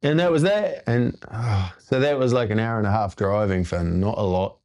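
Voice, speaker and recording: A man's voice: fairly low pitch, moderate pace, a little mellow. A man hosting his own show, telling a personal story in a casual, rambling way with laid-back surfer slang. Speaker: host.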